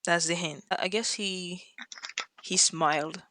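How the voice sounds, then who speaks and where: A woman, a podcast guest, tells a story in a casual chat and acts out the quotes with sudden leaps in pitch. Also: steady tone, unhurried, bright, forceful tone.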